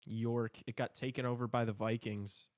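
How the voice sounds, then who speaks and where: A man's voice: mid-range voice, level tone, normal speed, darkish tone, dry recording, clean studio sound. A man hosting a live hockey stream, chatting in a laid-back, rambling way and swearing casually. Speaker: podcast host.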